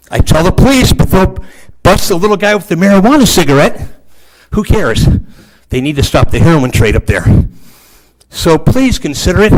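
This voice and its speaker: A man speaking in a fairly high voice as he pleads with a city council. He is emotional and earnest, repeating his appeals for help over and over. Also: low-quality recording. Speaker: resident giving public comment. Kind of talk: public comment at a council meeting. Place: council chamber.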